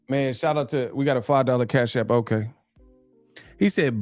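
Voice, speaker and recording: A man's voice: a little high, normal speed, no echo, faint music behind. Live streamer host, man, loose slangy banter, laughs a lot, dry close sound. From New Mexico, USA. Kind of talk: casual live stream chat reading donations.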